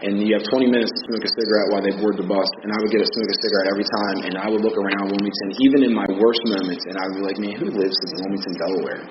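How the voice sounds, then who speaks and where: Fast-talking man in an echoey hall. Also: fairly low pitch, little pitch movement. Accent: American. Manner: candid, conversational, many fillers. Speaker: recovery meeting speaker. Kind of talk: personal testimony talk. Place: meeting hall. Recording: echoey hall, muffled audio with background noise.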